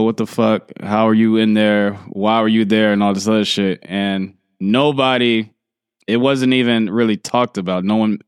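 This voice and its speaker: A man hosting a podcast, telling stories in a relaxed, blunt way. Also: fairly low pitch, clear, resonant tone, no echo, clean studio sound. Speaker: podcast host. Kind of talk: casual chat.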